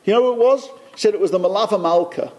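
Lay teacher, man with a high voice, anecdotal talk, repeats himself for emphasis. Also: racing, a little mellow. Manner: storytelling, repeats phrases for emphasis.

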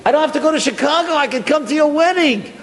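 A man voicing an elderly, humble rabbi who talks excitedly in a raised voice. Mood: apologetic delight. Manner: excited, high and quick. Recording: echoey hall with faint noise.

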